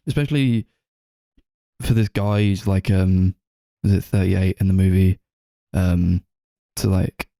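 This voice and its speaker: Low, mellow-voiced man rambling. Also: creaky, dry recording. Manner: rambling, filler-heavy, retells scenes with quoted asides. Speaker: podcast co-host. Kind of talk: casual film discussion.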